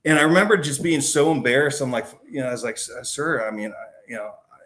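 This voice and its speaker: A man's voice: medium pitch, expressive, quick pace, a bit bright. A man, a podcast guest, recounting a personal story in a casual, slangy way. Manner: casual and slangy, calling the host man and dude.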